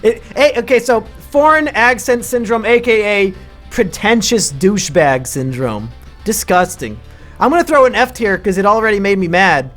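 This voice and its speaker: A man live-streaming with crude, sarcastic commentary, now and then breaking into shouting rants. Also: sits high, expressive, moderate pace, soft background music. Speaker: streamer ranking mental illnesses.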